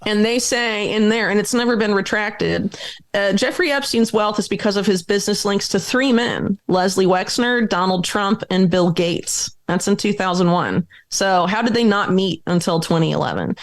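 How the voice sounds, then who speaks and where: A woman guest on a podcast, talking quickly and emphatically through a long, detailed explanation full of dates and names. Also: medium pitch. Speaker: guest author and journalist.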